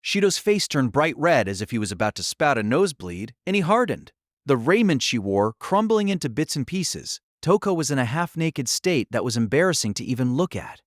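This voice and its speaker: A man narrating a light novel audiobook in an expressive storytelling manner. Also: fairly high pitch, no room sound, clean studio sound.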